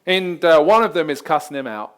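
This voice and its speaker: Man, pastor, sermon, conversational and earnest, high-pitched, stumbling restarts. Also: animated, brisk, a bit bright, clean tone. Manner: conversational, earnest, repeats words as he starts sentences.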